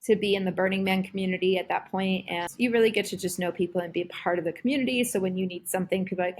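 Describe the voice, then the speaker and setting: A woman in her thirties talking casually as a podcast guest, animated, with lots of "like" and "um". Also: mid-range voice, rapid-fire, hardly any pauses. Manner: animated, full of fillers like "like" and "um". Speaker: guest, performer and creative director.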